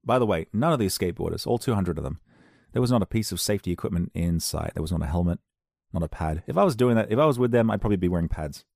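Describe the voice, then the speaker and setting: Male podcast host, casual self-mocking rambler, gravelly tone. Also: deep voice, animated, very fast, a little mellow, no echo, studio quality. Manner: jokey, self-deprecating, slips into silly voices.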